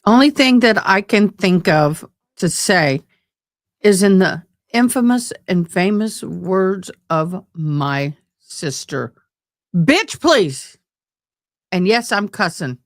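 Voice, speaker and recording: A woman's voice: medium pitch, animated, slow, no echo, clean studio sound. A woman hosting a live stream, chatting casually with viewers and joking between court proceedings. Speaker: livestream host commenting on a trial.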